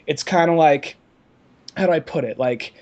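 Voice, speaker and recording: A man's voice: fairly high pitch, normal speed, a little mellow, lo-fi sound. A man co-hosting a casual podcast, rambling and laughing as he talks. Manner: rambling, laughs often, mimics voices in quotes. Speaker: podcast co-host.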